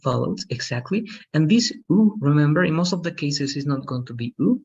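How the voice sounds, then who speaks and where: A man teaching an English lesson, encouraging and patient, slowing down to model how words are stressed. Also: on the high side, animated, a little mellow, slightly rough. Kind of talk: online language lesson. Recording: dull lo-fi sound.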